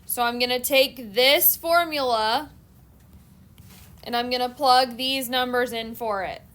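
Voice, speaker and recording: A woman's voice: a little high, measured pace. Woman teaching algebra step by step. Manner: steady step-by-step explaining. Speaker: math teacher. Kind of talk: classroom lecture. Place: classroom.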